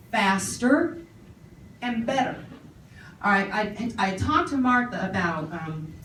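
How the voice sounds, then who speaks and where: A woman telling lively stories to a live audience in a meeting room, acting out the people she quotes. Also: medium pitch, slight background noise. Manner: animated storyteller acting out quoted voices. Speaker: speaker on paper clutter. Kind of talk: storytelling talk to an audience. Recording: echoey room, voice from far off.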